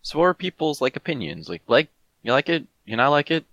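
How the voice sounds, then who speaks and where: A man's voice: on the high side, sing-song, a little fast, a bit bright, no echo, dull audio. A young man co-hosting a casual movie podcast, teasing the others offhandedly. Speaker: podcast co-host. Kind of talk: casual chat.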